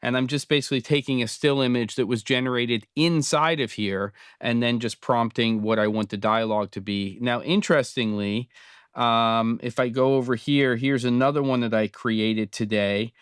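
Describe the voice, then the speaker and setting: Smooth-voiced man hosting a tech show. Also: medium pitch, normal speed, no echo, clean studio sound. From Britain. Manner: relaxed, thinking aloud with many fillers. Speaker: host. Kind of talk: casual screen-recorded tutorial.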